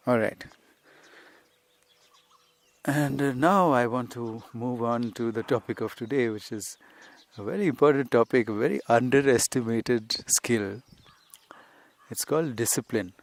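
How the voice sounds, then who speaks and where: A man's voice: medium pitch, unhurried, long pauses. A man recording an unscripted podcast lesson outdoors on a hillside, talking in a rambling, conversational way. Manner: conversational, rambling, with frequent "you see". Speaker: spiritual teacher and podcast host.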